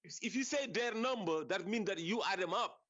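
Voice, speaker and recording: A man's voice: sits high, brisk, lo-fi sound, crowd noise. A man calling in to a heated debate show, hesitant and stammering as he defends his reading. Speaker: caller.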